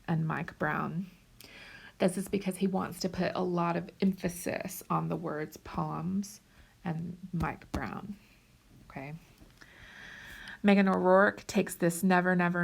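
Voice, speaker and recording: A woman teaching a recorded lecture over slides, unhurried and checking in often with the listener. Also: lowish voice, fairly bright tone. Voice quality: creaky. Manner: unhurried, checks in with "okay?" and "right?".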